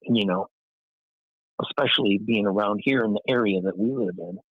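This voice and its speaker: A man's voice: on the low side, lively intonation, a little fast, vocal fry, no room sound. A man with a West Tennessee accent, chatting casually with a friend, laid-back and joking. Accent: Southern US, West Tennessee. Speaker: friend and co-host. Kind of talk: casual chat. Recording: dry, dull lo-fi sound.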